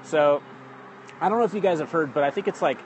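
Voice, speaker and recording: A man with a slightly high voice talks fast while livestreaming a casual lesson on communication basics from his phone outdoors, with noise behind him. He's chatty, keeps checking in with "okay?" and greets viewers mid-talk.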